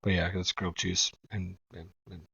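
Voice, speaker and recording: A man's voice: deep voice, level tone, normal speed, vocal fry, pushed and bright, slightly rough, no echo, muffled recording. A man from New England, a reaction video host, talking in a chatty, rambling way and swearing casually. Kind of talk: casual commentary.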